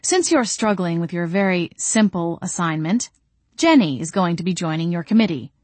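A woman's voice: on the low side, expressive, normal speed, darkish tone, no room sound. A woman voicing a stern, condescending woman who heads a committee, speaking curtly. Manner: curt and condescending.

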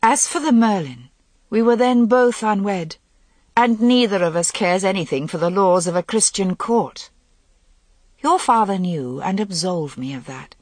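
Woman voicing a proud priestess, scornful, defiant, husky, raised pitch, audiobook. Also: lively intonation, measured pace, darkish tone, dry recording. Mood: cold. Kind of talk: audiobook reading.

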